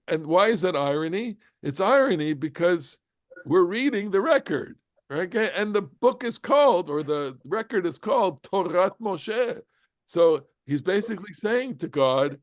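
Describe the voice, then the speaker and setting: A man teaching an informal Bible class, animated and explanatory, rising into emphatic bursts. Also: sits high, a little slow, no echo, studio quality. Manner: explanatory, with many restarts and "okay?". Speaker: Torah teacher.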